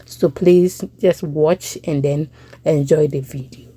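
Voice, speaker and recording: A woman's voice: low voice, steady tone, slow, mellow, husky, no room sound. A young Ghanaian woman with a Ghanaian English accent, chatting through a cooking voice-over as a home cook and checking in with listeners.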